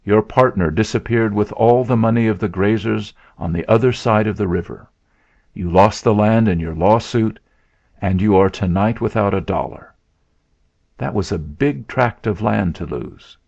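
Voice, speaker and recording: A man voicing a calm, imposing mountain man who talks low and level in a story reading. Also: normal speed, gravelly, dry recording. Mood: grave. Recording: dull lo-fi sound.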